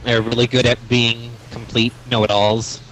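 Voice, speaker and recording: A man's voice: mid-range voice, little pitch movement, moderate pace, a bit bright, slight background noise. A man co-playing a video game, chatting casually, teasing and joking with his partner. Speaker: co-op gaming partner. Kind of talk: casual gameplay chat.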